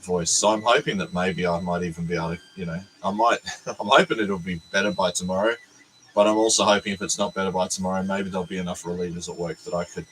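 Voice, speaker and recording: An Australian man, a teacher, chatting casually on a livestream from his workbench, hoarse and sick with a cold, rambling and self-deprecating. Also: deep voice, steady tone, fast talker, fairly bright tone, slight background noise, rough recording.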